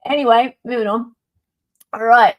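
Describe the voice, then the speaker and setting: A woman's voice: on the high side, fairly even intonation, normal speed, dull audio. Australian woman hosting a casual stream. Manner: laughs often, teasing. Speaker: podcast host. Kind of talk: casual live-stream chat.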